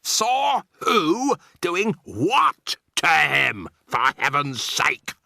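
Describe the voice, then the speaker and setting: A man's voice: fairly high pitch, big pitch swings, brisk, pushed and bright, dry recording, clean studio sound, voice pushed up, full character voice. A man voicing a pompous, indignant father who blusters, in an audiobook. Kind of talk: audiobook character voice.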